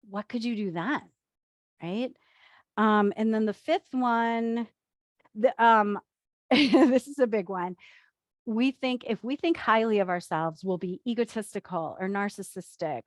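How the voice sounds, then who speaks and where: A woman's voice: medium pitch, no echo, clean studio sound. A woman life coach giving a chatty talk to a group, with playful asides and acted-out quotes.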